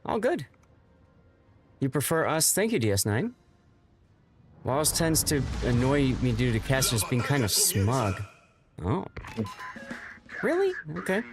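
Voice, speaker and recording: A man hosting a game livestream, chatting casually to viewers in a rambling way, with bursts of excited greetings. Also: medium pitch, unhurried, pauses often, faint music behind. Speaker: game streamer and host.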